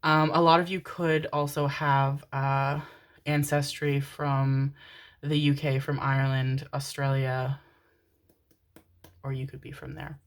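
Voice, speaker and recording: A woman's voice: a bass voice, level tone, takes it slowly. A woman giving a casual pick-a-card tarot reading, chatty and rambling, often breaking into laughter.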